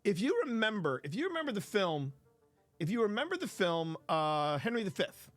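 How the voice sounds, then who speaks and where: A man with a somewhat high voice hosts a casual live stream from home, talking to his chat in a loose, rambling way. He doubles back on his words and greets viewers by name. Faint music plays behind him. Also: sing-song, moderate pace, a bit bright, no room sound. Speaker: livestream host.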